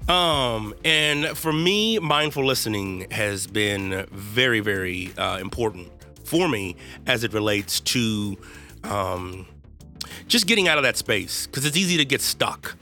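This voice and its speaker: A man's voice: lowish voice, lively intonation, a little slow, sharp tone, soft background music. A man hosting a podcast, talking candidly and earnestly about his own struggles, with casual slang and lots of "right?" and "y'all". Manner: earnest and self-deprecating, with loose slang and frequent "right?" and "y'all". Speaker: podcast host. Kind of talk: candid confessional podcast talk.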